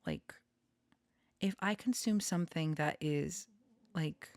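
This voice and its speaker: Young woman rambling in a slow, low-key chat, kinda gravelly, dry close sound. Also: dry recording. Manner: rambling, laughs often, slips into soft whispers. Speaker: podcast host. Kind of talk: casual chat.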